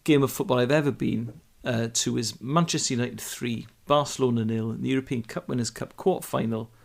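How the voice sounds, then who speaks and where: A man's voice: medium pitch, steady tone, a little fast, vocal fry. A man from Wales telling a detailed football anecdote in casual chat. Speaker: podcast co-host. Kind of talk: casual storytelling.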